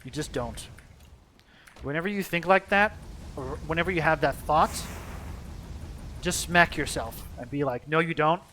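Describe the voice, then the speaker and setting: A man's voice: a little high, a little slow, pauses often, sharp tone, a little hiss or hum. Profane rambling man streaming a game. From Finland. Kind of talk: casual gameplay commentary.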